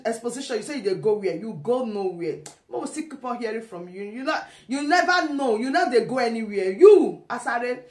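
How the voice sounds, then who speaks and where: Teasing laughing Nigerian woman, echoey room. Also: a little high. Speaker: commentator. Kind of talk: casual pidgin commentary.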